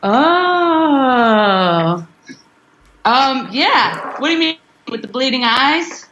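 High-voiced chatty woman, roomy sound. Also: lively intonation, extremely slow, a bit bright, muffled recording, a little hiss or hum. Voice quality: laughs often, loose and chatty. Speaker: rock singer, guest. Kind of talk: casual interview chat.

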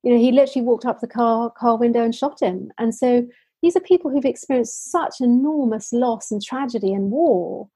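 A woman's voice: on the high side, a little fast, warm tone, husky, no room sound, poor audio. A woman from the UK, telling heartfelt stories earnestly as an interview guest. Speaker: social entrepreneur guest. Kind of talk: interview storytelling.

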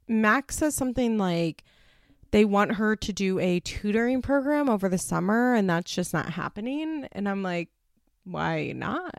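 A woman hosts a laid-back recap chat from her home, rambling with plenty of "like" fillers and the odd swear word. Her voice has a strong gravelly fry at the ends of her phrases. The sound is dry and close, with no room echo. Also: mid-range voice. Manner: chatty, swearing, frequent "like" fillers and laughs. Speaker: podcast host recapping a reality show. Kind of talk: casual chat.

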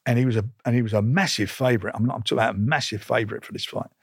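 Speaking rapid-fire at medium pitch, this older man has a creaky, slightly rough voice, recorded in a clean studio with no room sound. He's a boxing promoter giving an interview full of blunt stories, hammering points through repetition, combative in tone, and tripping over words before starting again.

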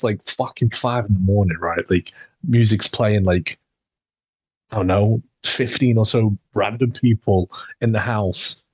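A man's voice: lowish voice, slightly rough, no echo. A young man, hosting a podcast and telling a rambling, sweary story with laughs. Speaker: podcast host. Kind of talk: casual storytelling chat.

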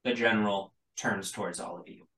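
A man's voice: on the low side, a little fast, sharp tone. A man narrating a tabletop game as game master, hesitant with many fillers, in a roomy recording from a distant mic.

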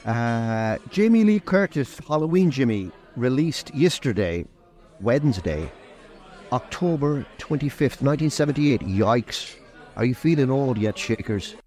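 A man's voice: medium pitch, lively intonation, a little slow, darkish tone. Dry-quipping podcast co-host man. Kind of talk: casual chat.

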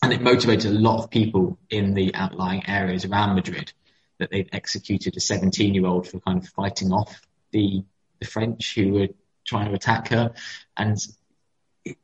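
A man with a lowish voice tells history stories in a relaxed podcast chat, often pausing and starting over as he goes. The sound is muffled and lo-fi, its highs dulled. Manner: hesitant, many fillers and restarts, storytelling. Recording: dull lo-fi sound.

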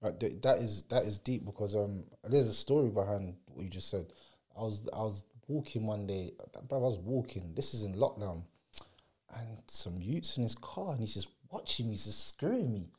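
A young man, telling a story in casual chat, expressive and acting out voices. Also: fairly low pitch, normal speed, breathy edge. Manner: expressive, acts out voices in stories.

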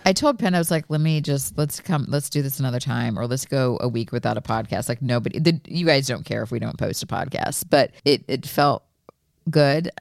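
A woman's voice: a bass voice, a little fast, vocal fry, darkish tone, dry recording, clean studio sound. A middle-aged woman co-hosting a podcast in casual chat, earnest and emotional, with many fillers. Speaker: podcast co-host.

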